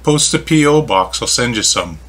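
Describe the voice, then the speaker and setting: A man's voice: mid-range voice, lively intonation, normal speed, fairly bright tone. A man in his fifties reacting to a video with casual, teasing commentary and short retorts. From Canada. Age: 50s.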